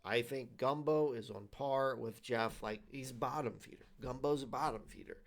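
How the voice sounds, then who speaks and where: A man's voice: medium pitch, moderate pace. A man hosting a league show, giving his predictions in loose, repetitive casual talk with many fillers and restarts.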